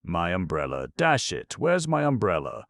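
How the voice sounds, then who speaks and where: A man's voice: very deep voice, very animated, measured pace, gravelly, dry recording, studio quality, heavily acted. A man voicing a flustered, indignant young man-about-town who splutters in exasperation. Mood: exasperated.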